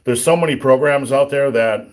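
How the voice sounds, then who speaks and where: Male strength coach hosting live viewer Q&A, sore throat, frequent throat-clearing, blunt plainspoken answers with dry jokes. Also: medium pitch, moderate pace. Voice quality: throat-clearing, a bit rough. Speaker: livestream host answering viewer questions. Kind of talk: casual live Q&A on strength training.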